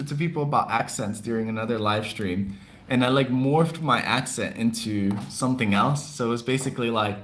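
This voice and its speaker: A man's voice: mid-range voice, a little fast. A man hosting a livestream podcast in a casual, talkative way. He laughs often and answers viewers' comments as he goes.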